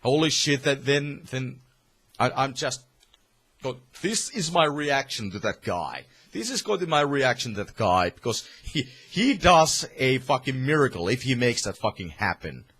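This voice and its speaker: A man's voice: mid-range voice, very animated, normal speed, a bit bright, breathy edge. A man from Finland with a Finnish accent, delivering a heated, profane political rant to camera with many restarts. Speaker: vlogger.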